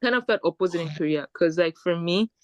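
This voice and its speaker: A woman from Nigeria, co-hosting a podcast and telling stories in an animated, casual way. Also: fairly low pitch, fast talker, dry recording. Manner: animated storytelling. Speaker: podcast co-host. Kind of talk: casual chat.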